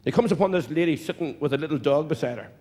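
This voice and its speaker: A man's voice: on the high side, racing, dark tone. A man with an Irish accent setting up a joke on a live comedy stage. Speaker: stand-up comedian. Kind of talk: live stand-up joke telling. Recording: long reverb in a large hall.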